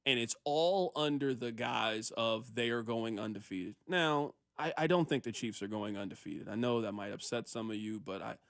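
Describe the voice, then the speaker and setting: A man hosting a sports radio show, talking in an animated, mock-exasperated way and often repeating himself. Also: mid-range voice, moderate pace, creaky, hardly any pauses, no room sound.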